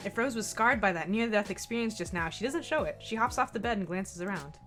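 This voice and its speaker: A woman's voice: mid-range voice, fairly quick, fairly bright tone, soft background music. A woman streamer reading a visual novel aloud and chatting, laughing often and swearing freely. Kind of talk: live-stream game reading and chat.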